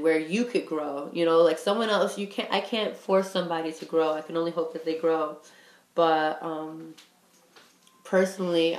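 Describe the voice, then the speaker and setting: A woman's voice: sits low, echoey room. A woman in her twenties talking candidly and rambling about her own feelings, with many fillers. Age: 20s. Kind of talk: casual personal talk.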